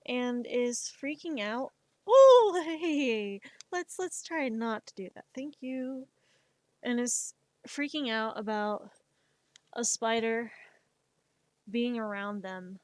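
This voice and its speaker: Slow-talking woman streamer, casual chat. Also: on the high side, no echo. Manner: chatty, scolds her cat playfully between topics. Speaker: streamer and artist.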